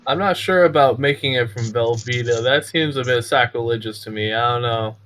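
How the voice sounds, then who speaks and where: A man's voice: medium pitch, a little fast, fairly bright tone, slight background noise. A man chatting casually at a game table, talkative and opinionated. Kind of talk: casual chat.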